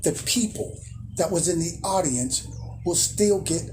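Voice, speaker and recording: A man's voice: a little high, a little slow, noisy background. A man who hosts a spiritual channel, giving a boastful, emphatic monologue to camera and repeating phrases for emphasis.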